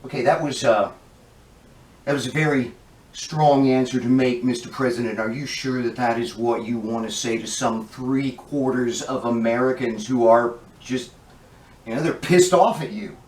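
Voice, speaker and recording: A man's voice: medium pitch, fairly even intonation, moderate pace, a little mellow. A man hosting a comedy web show as a mock interviewer, exasperated, scolding and crude in manner. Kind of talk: mock interview talking to an empty chair. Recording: echoey room, voice far from the mic.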